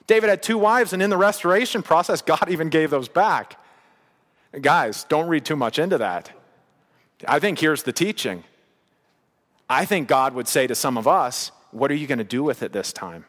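A man's voice: fairly high pitch, lively intonation, moderate pace, long pauses, fairly bright tone, in a large hall. A man preaching a sermon in a casual, conversational way, with bursts of emphasis. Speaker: pastor.

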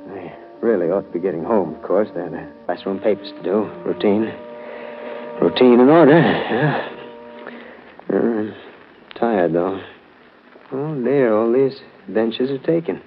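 A man's voice: on the low side, expressive, measured pace, long pauses. A man acting out a prim, fussy schoolteacher in an old radio play, hesitant and prone to stammering. The sound is thin and tinny like a phone line, with faint music underneath. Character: fussy, timid middle-aged male schoolteacher.

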